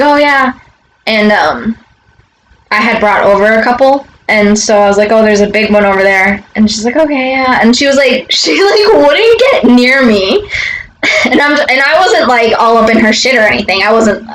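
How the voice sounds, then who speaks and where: A woman's voice: medium pitch, a bit bright, poor audio. Young woman rambling on her vlog while she does flowers, swears a lot, um and like everywhere, faint hiss behind. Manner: chatty, swears freely, lots of fillers. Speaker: vlogger. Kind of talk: rambling casual chat while arranging flowers.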